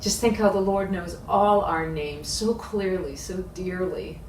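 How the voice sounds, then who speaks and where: A woman leading children's worship, telling a Bible story with big expressive swings, recorded in a roomy space from a distance. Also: fairly low pitch, a little slow. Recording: echoey room, distant mic, faint hiss.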